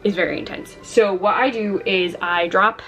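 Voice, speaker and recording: A chatty woman vlogging from her home kitchen at a middle pitch. She talks casually to the camera and jumps up into excited squeals when something delights her, and faint music plays underneath. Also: normal speed.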